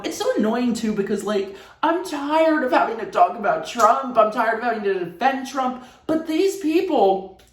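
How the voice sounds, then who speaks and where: A man telling a casual storytime at home, animated and sarcastic, laughing often. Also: very high-pitched. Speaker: vlogger. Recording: roomy echo.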